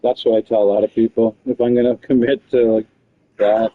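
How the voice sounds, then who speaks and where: A man's voice: medium pitch, level tone, fairly quick, no room sound, phone-quality sound. A man telling a long, meandering story about other players in casual chat, swearing freely. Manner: loose, meandering, peppered with swearing and fillers.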